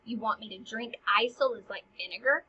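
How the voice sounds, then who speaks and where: A boastful grieving prince ranting in old verse and slang, as a woman reads him out. the voice is a bit high and husky. the recording is dull and lo-fi. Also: fairly quick, pushed and bright.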